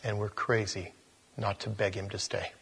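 A man preaching a sermon in a conversational way, growing animated as he reads scripture aloud. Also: lowish voice, normal speed, gravelly, breathy edge, big-room sound.

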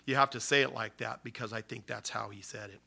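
A man who is a pastor, preaching an animated sermon in casual, slangy language. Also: medium pitch, a little fast, gravelly, a little hiss or hum.

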